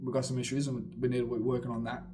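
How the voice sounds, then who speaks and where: A medium-pitched man talks very fast against a noisy background, coaching beatboxers in an energetic, rambling way. He swears a lot, laughs in asides, and jumps around at times as he talks.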